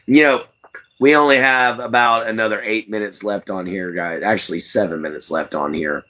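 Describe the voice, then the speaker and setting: A man's voice: fairly low pitch, normal speed, pushed and bright. A young man with a Southern US accent, chatting in a rambling, folksy way on a livestream and chuckling as he answers the chat. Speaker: livestream host.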